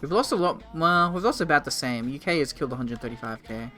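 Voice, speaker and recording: A man's voice: a little high, lively intonation, quick pace, pushed and bright, soft background music. A man in his twenties casually commenting on a strategy game during a live stream, rambling and swearing. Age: 20s. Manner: rambling, profane, joking with chat.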